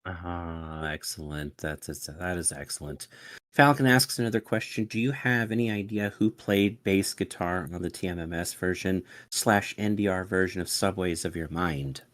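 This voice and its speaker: A man hosting a fan Q&A, reading questions aloud, eager and excitable, sometimes stumbling over words. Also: low-pitched, moderate pace, no echo, clean studio sound. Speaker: fan club host. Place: home studio.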